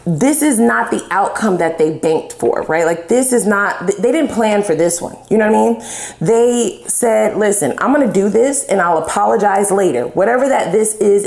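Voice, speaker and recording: Chatty, foul-mouthed woman reading tarot; fry in the voice, recorded in an echoey room. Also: mid-range voice, darkish tone. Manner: blunt, profane, chatty. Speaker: tarot reader. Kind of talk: casual tarot love reading. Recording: roomy echo.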